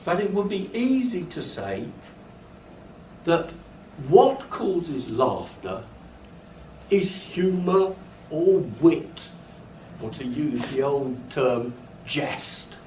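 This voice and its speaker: A man's voice: a little high, big pitch swings, drawn-out words, long pauses, darkish tone. An older British man giving a university lecture, animatedly telling stories and acting out his own embarrassed asides. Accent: British English. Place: lecture hall. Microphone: room recording from a distance. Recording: echoey lecture hall, distant mic, faint noise. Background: student laughter.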